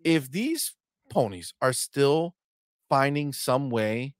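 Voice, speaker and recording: A young adult man co-hosting a gaming livestream, animated and profane, trash-talking rival fans and reading viewer chat aloud. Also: mid-range voice, slow, no room sound, clean studio sound. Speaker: co-host of a gaming talk stream. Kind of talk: casual livestream banter.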